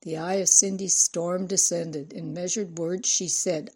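A woman narrating an audiobook in a measured storytelling manner. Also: fairly low pitch, fairly even intonation, darkish tone, slightly rough.

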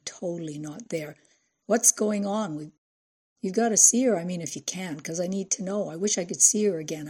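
A woman's voice: fairly low pitch, dark tone, husky. A woman voicing a defiant teenage girl who talks in a sarcastic, taunting way.

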